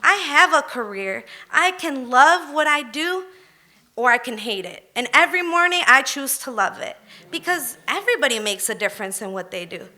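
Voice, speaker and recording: A woman's voice: high-pitched, expressive, moderate pace, sharp tone. A woman in her thirties telling a candid personal story on stage at a live storytelling event, emphatic and conversational.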